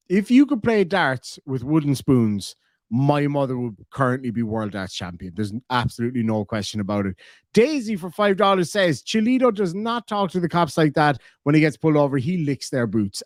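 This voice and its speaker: A man's voice: medium pitch, animated, normal speed, a little mellow, no echo, studio quality. A man with a Cork Irish accent chatting on a live stream, reading donations and reacting with sweary, joking banter.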